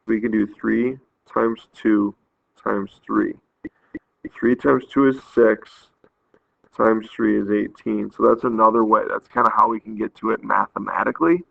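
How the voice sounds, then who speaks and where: A man's voice: on the low side, steady tone, unhurried, vocal fry, dry recording. A man teaching a math lesson, patiently explaining step by step and counting aloud. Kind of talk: recorded math lesson walkthrough. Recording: tinny phone-like audio, dry.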